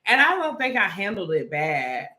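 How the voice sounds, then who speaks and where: Young woman storyteller, casual, animated quotes, roomy echo. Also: medium pitch, normal speed. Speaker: restaurant manager and podcast co-host. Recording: echoey room.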